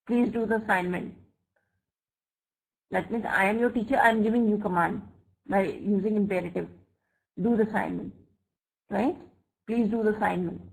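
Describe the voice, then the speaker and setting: A woman teaching an online English grammar class. She reads example sentences slowly and checks often with "right?" and "fine?". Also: mid-range voice, fairly even intonation, vocal fry, a little mellow, rough recording. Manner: slow, deliberate example sentences. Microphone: computer mic for a web class.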